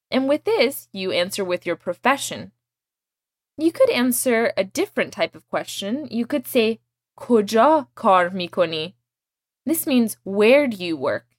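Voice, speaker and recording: A woman teaching a language lesson, explaining words patiently and clearly and modeling each one for her student to repeat. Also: medium pitch, no room sound, studio quality.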